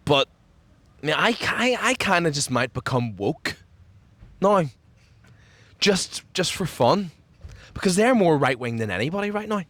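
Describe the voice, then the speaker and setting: A man co-hosting a casual chat outdoors, ranting jokily with sudden jumps in pitch. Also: measured pace, pauses often, no room sound. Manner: animated, jokey rant with sudden pitch jumps. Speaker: podcast co-host. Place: outdoors, people walking past.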